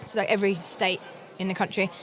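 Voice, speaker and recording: A middle-aged English woman with a London accent, talking as an interview guest, friendly and quick to laugh. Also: medium pitch, little pitch movement, fairly bright tone. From England. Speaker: guest, founder of a police dyslexia network. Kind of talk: conversational interview. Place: conference floor.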